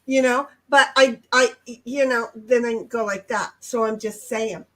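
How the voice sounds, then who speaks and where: A high-pitched woman chatting on a casual home livestream. She is blunt and brash, swears freely, and now and then bursts out loud to make a point. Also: fairly even intonation, measured pace. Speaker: livestream co-host. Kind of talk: casual chat.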